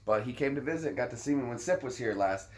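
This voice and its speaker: A man's voice: medium pitch, lively intonation, fast, darkish tone. A man hosting a casual chat, telling rambling, jokey stories. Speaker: host.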